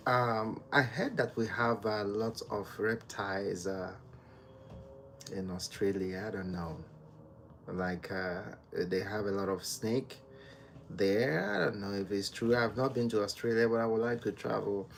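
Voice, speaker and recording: Slow, soft-spoken man chatting on a livestream. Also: lowish voice, creaky, slight background noise. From Nigeria. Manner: soft-spoken, slow and unhurried, greets viewers by name. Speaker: livestream host. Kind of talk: casual live-stream chat with viewers. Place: home.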